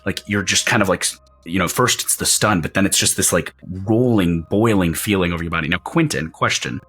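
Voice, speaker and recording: Low bright-toned man running a tabletop game. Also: fairly quick, breathy edge, soft background music. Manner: animated descriptive narration with frequent restarts. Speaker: game master.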